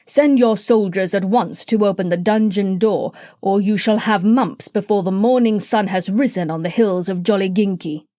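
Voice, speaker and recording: A woman voicing a clever, bossy female parrot in a storybook, speaking in a brisk, assured way. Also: medium pitch, mellow, no echo, clean studio sound, close to an everyday voice. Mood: commanding.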